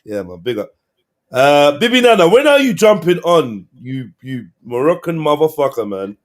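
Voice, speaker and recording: A man's voice: fairly high pitch, big pitch swings, normal speed. Laid-back man hosting a stream. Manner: laid-back banter with slang, shout-outs to viewers. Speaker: livestream host. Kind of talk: casual live stream chat.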